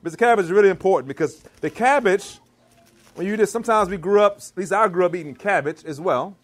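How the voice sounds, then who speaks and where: A man with a fairly high voice and a Maryland accent runs a live cooking demo, bantering and quizzing the crowd as he works. His delivery is playful and lively, full of call and response. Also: quick pace. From Washington DC / Maryland area, US. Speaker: chef giving a cooking demo. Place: church hall, in front of a live audience.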